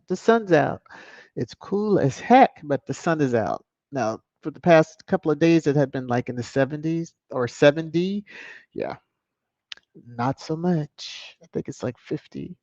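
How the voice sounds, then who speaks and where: A woman's voice: low-pitched, darkish tone, no room sound, dull audio. A woman hosting a casual livestream, chatting and greeting viewers by name as she reads their comments aloud. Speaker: channel host.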